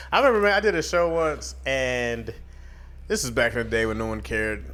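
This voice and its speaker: A man co-hosting a casual podcast, joking and teasing his partner with quick comebacks. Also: medium pitch, fairly bright tone, a little hiss or hum. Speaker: podcast co-host. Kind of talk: casual chat.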